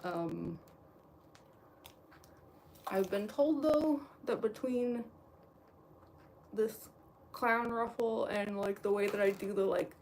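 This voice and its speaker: A woman's voice: medium pitch, slow pace, long pauses, darkish tone, a little hiss or hum. A young woman chatting casually while she gets into costume, rambling with lots of fillers and restarts, and later talking with a slight lisp from costume teeth. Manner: rambling, many fillers and restarts, chuckles often. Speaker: cosplayer livestream host.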